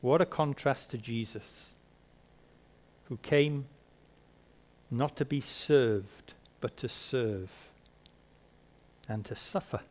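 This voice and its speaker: A man preaching a sermon, asking rhetorical questions and swinging between soft and emphatic delivery. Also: mid-range voice, slow pace, long pauses.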